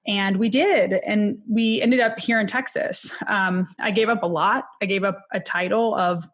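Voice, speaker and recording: A woman's voice: medium pitch, steady tone, normal speed. A woman, a criminologist and podcast guest, telling a personal loss story in an earnest, candid and emotional way.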